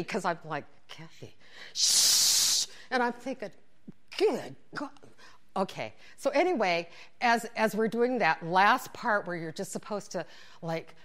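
A woman telling a funny personal story, acting out what everyone said, dropping to whispers and breaking into laughter. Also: medium pitch. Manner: animated, acts out quotes, whispers asides, laughs while telling.

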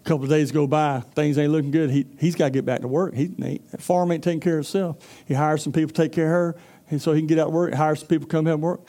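A pastor preaches in a folksy, storytelling manner, acting out the characters as he goes. His voice sits a little high yet sounds warm and mellow. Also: steady tone, fast, few pauses. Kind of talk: sermon.

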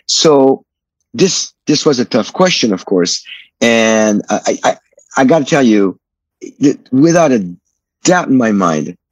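A man's voice: medium pitch, very animated, a little slow, dry recording. A middle-aged man from France, earnestly telling his personal testimony as a guest in a radio interview. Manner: earnest, reflective storytelling.

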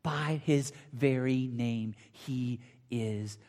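A man preaching a sermon, emphatic and repetitive, swinging between loud declarations and near whispers. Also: mid-range voice, extremely slow. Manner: emphatic, repeats phrases, drops to near whispers. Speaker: pastor. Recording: long hall reverb.

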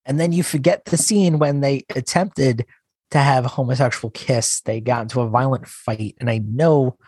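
A man's voice: mid-range voice, a little mellow, slightly rough, dry recording. A man co-hosting a podcast in casual chat, teasing and scolding his co-host. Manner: teasing, scolding, quick to push back.

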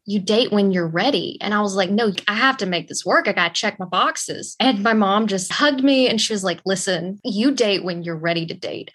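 A young woman, a guest in an interview, tells a personal story and acts out the voices in it. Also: mid-range voice. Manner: animated, acts out quoted dialogue.

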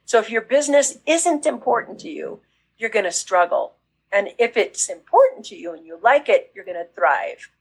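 A woman business coach talking casually in an interview, acting out excited reactions as she explains. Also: mid-range voice, moderate pace, slightly rough, poor audio. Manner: animated, acts out quoted reactions.

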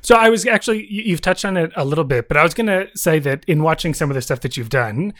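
Thoughtful interviewer with halting restarts. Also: medium pitch, lively intonation, a bit bright. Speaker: interview host. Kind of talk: casual interview chat.

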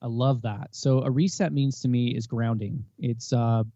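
A man's voice: medium pitch, moderate pace, no echo, muffled recording. A man in his thirties, a guest in a casual interview, talking earnestly and acting out the dialogue he recounts. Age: 30s. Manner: earnest, animated, acts out quoted dialogue. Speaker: podcast guest.

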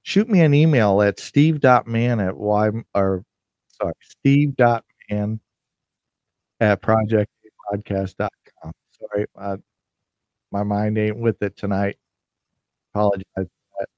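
A man with a low, mellow voice gives a casual holiday message as a podcast host. He talks haltingly, full of pauses and restarts, and sounds emotional. The recording is close and dry. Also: dry recording, lo-fi sound. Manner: halting, hesitant, many fillers and restarts.

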